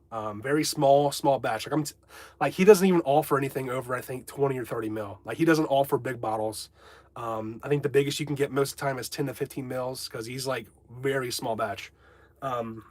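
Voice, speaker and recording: A man's voice: mid-range voice, dry recording. A man hosting a casual livestream from home, chatting candidly, rambling and reading chat comments aloud. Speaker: livestream host.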